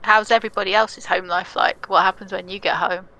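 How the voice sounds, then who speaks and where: A woman playing a tabletop game, describing her character in a hesitant way with many pauses and ums. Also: mid-range voice, steady tone, creaky, pushed and bright, rough recording. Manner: hesitant, lots of ums and restarts. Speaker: player.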